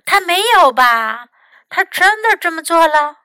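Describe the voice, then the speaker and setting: A woman voicing a calm fox mother in a storybook, speaking in a gently teasing way. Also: very high-pitched, measured pace, dry recording, voice pushed up, exaggerated voice.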